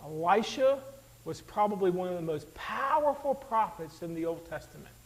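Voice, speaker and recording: A man preaching a sermon in an animated, conversational way, throwing rhetorical questions to the congregation. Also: high voice, moderate pace, low-quality recording. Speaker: pastor.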